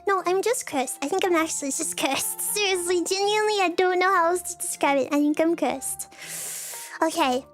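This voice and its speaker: A woman with a very high, squeaky voice chats casually with her viewers. She giggles a lot and plays up every mishap with mock drama and self-mockery. Soft music plays faintly underneath. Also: moderate pace. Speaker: streamer.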